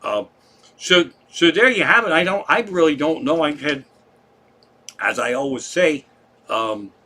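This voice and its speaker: A man's voice: a little high, animated, measured pace, pushed and bright. A man hosting a comedy live stream from home, telling rambling, profane stories in casual chat.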